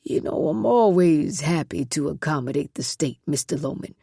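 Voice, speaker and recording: A woman voicing a smug, menacing male reformatory superintendent who talks slowly with mocking politeness in a lowered voice. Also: expressive, creaky, warm tone, slightly rough, no echo, clean studio sound, heavily acted.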